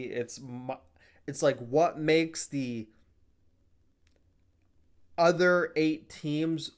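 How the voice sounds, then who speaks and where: A man's voice: medium pitch, clean tone. A young man giving a casual esports recap, often heated, swearing and calling his listeners "bro". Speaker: esports commentator.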